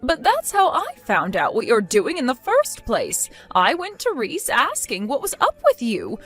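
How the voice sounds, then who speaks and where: A woman's voice: fairly high pitch, fairly bright tone, full character voice. A woman voicing a scornful mother-in-law. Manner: cutting, contemptuous scolding. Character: scornful middle-aged mother-in-law, harsh and accusing. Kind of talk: text-story drama acting.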